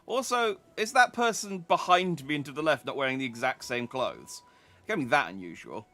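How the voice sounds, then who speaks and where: A man's voice: medium pitch, big pitch swings, brisk, sharp tone. A man streaming a game, making casual, self-mocking asides as he plays. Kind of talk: casual gameplay commentary.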